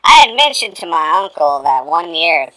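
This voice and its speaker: Low, bright woman reading a countdown. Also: big pitch swings, moderate pace, no echo, rough recording. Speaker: segment co-host. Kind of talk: read countdown segment.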